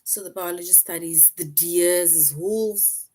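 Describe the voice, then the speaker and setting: Woman teacher going over grammar, slow and patient, kinda low voice. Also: dark tone. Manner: slow, patient, reads sentences aloud then quizzes. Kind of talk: online grammar lesson.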